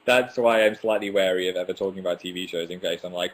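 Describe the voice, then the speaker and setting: Deep-voiced and quick, a young man keeps a fairly even intonation while hosting a casual stream on his webcam mic. He reads viewers' comments, chats, jokes at his own expense, and sometimes trips up on words.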